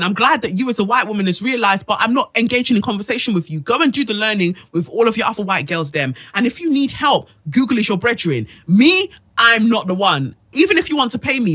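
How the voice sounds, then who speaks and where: A woman's voice: mid-range voice, a bit bright. A woman hosting a podcast, reading out listener emails and ranting bluntly with plenty of swearing. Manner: blunt, profane, emphatic ranting. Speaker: podcast host.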